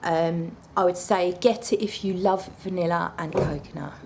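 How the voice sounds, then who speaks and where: A woman with a somewhat low voice chats through her perfume collection in a casual vlog. She gushes over favourites and turns bluntly apologetic over letdowns. A faint hum of room noise sits behind her. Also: fairly even intonation, normal speed, darkish tone. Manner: chatty and gushing, blunt asides. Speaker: perfume reviewer.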